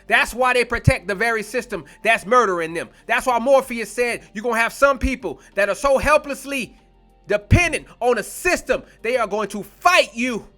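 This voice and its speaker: A man preaching a fiery online sermon, blunt, confrontational and profane, slowing down to stretch key words for emphasis. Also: very high voice, animated, pushed and bright, soft background music.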